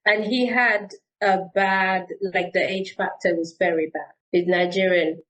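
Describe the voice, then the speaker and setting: A woman's voice: mid-range voice, rough recording. A woman co-hosting a talk show, candid and frank, telling personal stories in casual chat. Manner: candid, storytelling, frank opinions.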